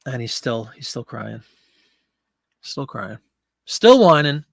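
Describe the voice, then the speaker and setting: A man's voice: medium pitch, very animated, takes it slowly, gravelly, dry recording. A man hosting a casual live-stream from home, chatting to viewers and cooing at his pet, into a desk microphone. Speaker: online seller hosting a live listing show.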